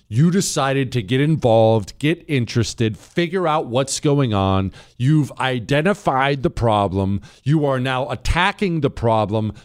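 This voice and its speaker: A man holds forth on his political talk show, reading messages from listeners and answering them. His voice climbs and falls a lot, and he sits at a middling pitch for a man. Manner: animated, reads listener messages, mocking voices for quotes.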